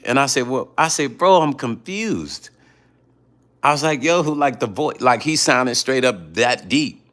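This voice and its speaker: A middle-aged man chatting casually late at night on his vlog, telling animated stories and repeating himself for emphasis. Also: mid-range voice, a little slow. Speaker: vlog host reading viewer comments.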